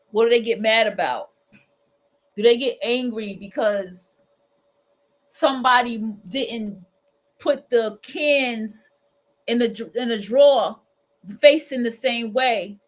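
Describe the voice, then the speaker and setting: Animated high-voiced woman host. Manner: colloquial, animated, acts out quoted voices. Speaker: livestream host. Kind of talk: casual freestyle monologue.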